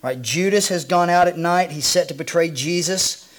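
A pastor with a voice sitting a bit higher than most men's preaches a sermon. He moves between hushed, low readings of scripture and brighter, lifted passages. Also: moderate pace. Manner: drops to a hushed low voice for quoted scripture, rising when excited.

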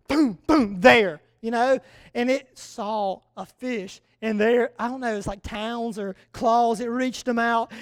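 Young male preacher with a very high voice, dry close sound; storytelling sermon, repeats key words. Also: no echo.

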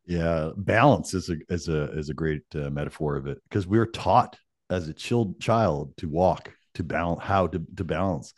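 A man co-hosting a casual martial arts podcast, agreeable and laughing along, with halting restarts. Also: sits low, dry recording, studio quality. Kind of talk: casual chat.

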